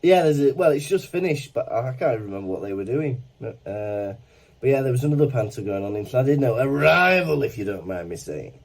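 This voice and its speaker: A man, co-hosting a podcast and telling a lively anecdote in casual chat. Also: mid-range voice, brisk, a little hiss or hum. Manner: animated anecdote-telling with laughs and acted quotes. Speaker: podcast co-host.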